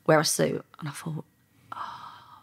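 A middle-aged woman, a former undercover police officer, telling lively stories in a podcast interview and acting out the dialogue. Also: low voice, brisk, creaky. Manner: lively anecdotes with quoted dialogue, frequent laughs.

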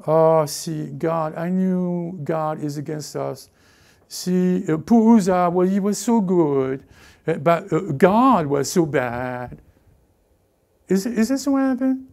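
A man preaching a lively sermon as pastor, often repeating himself and acting out what people say. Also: a little high, slow pace, creaky. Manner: animated, repeats words, acts out characters. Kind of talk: lively sermon with acted-out voices.

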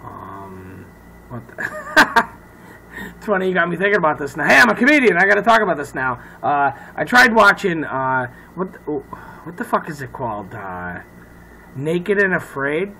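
A man who is a comedian, rambling loudly and profanely in a casual talk to camera. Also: on the high side, sing-song, moderate pace, creaky, a little hiss or hum, rough recording. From Irish heritage. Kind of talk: casual off-the-cuff chat to camera.

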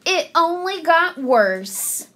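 A woman reading a picture book aloud to children, expressive and sing-song. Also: extremely high pitch, drawn-out words. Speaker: children's story reader.

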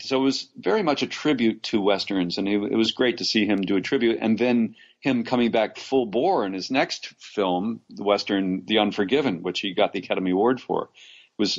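An actor from Los Angeles, USA, being interviewed as a podcast guest, tells long stories packed with restarts, fillers and frequent laughter. His voice is on the low side and fairly quick, and the recording sounds muffled.

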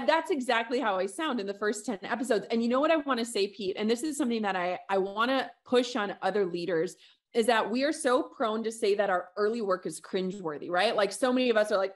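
Animated woman telling fast stories. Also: fairly high pitch. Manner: animated, fast storytelling with quoted asides. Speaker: podcast host and guest. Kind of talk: casual interview talk.

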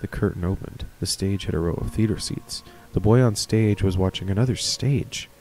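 A man's voice: sits low, normal speed, darkish tone. A man reading a horror story aloud, with casual, chatty asides. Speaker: reader of stories.

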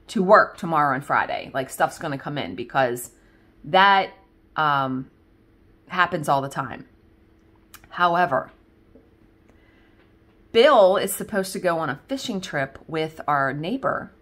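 Her voice sits on the low side with a fairly bright tone. As a craft video host, she talks casually to viewers while working on a project, rambling along with plenty of fillers and laughs.

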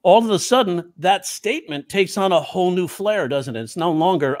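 Animated man teaching comedy, slightly high voice. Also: a little fast, few pauses, no room sound, clean studio sound. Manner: animated, jokey, acts out quotes. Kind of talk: casual comedy class talk.

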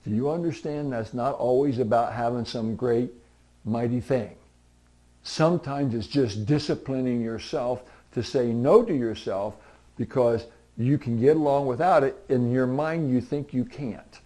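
Folksy preacher telling stories from the pulpit. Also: male voice, unhurried. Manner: conversational storytelling, voicing other people in dialogue; swings to loud, high, pleading outbursts for emphasis. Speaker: pastor. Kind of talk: sermon.

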